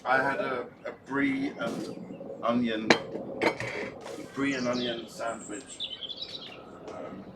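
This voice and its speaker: A man's voice: mid-range voice, little pitch movement, slow pace, long pauses, roomy sound, distant mic, heavy background noise. A man hosting a live stream, rambling casually, swearing now and then and eating as he talks. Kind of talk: casual chat.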